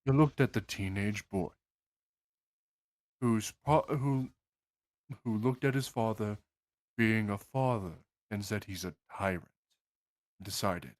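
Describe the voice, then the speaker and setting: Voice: mid-range voice, slow pace, long pauses. A player in a tabletop role-playing game who speaks in a wry, teasing way. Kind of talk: casual tabletop chat.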